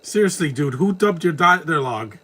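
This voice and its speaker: A man's voice: fairly high pitch, expressive, a little fast, sharp tone. A man from New York with a New York accent, giving casual live commentary on a movie with joking, laughing reactions. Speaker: movie watch-along commentator.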